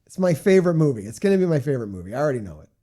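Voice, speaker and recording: A man's voice: medium pitch, very animated, rapid-fire, dark tone. Joking, profane male streamer. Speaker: streamer host. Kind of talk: casual stream chat.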